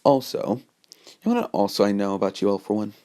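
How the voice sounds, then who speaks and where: A man voicing a cold, ageless young man who speaks calmly and cockily, delivering the lines in a loose, halting way. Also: fairly low pitch. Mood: taunting. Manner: loose, halting quoted dialogue.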